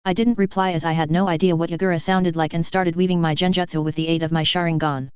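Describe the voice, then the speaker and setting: Fast fanfic reader, very clear crisp voice, dull lo-fi sound. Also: medium pitch, little pitch movement, no echo. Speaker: audiobook reader. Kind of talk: reading fan fiction aloud. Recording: dull lo-fi recording.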